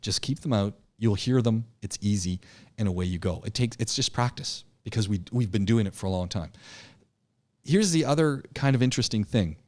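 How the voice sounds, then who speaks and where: A man teaching a public speaking class. He talks in an animated way, often repeats words and restarts sentences, and swings between loud emphasis and a low, quiet voice. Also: fairly quick. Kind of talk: classroom lecture.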